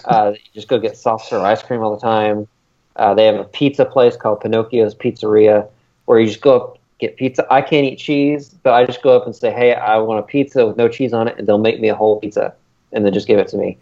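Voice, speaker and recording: Rambling low-voiced man, lo-fi sound. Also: fairly quick. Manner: rambling, many "uh" fillers, excitable. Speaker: podcast co-host. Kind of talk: casual chat. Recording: dull lo-fi sound.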